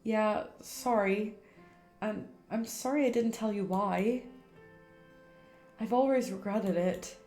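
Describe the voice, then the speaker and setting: A woman voicing a gentle, guilt-ridden teenage girl ghost from a game, in soft, confessional tones. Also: medium pitch, slow pace, pauses often, reverberant, soft background music. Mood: sorrowful. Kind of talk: reading game dialogue aloud on stream.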